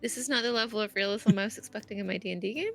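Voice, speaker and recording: A woman playing a tabletop role-playing game, laughing and animated in banter. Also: mid-range voice, racing, gravelly, faint music behind. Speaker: player.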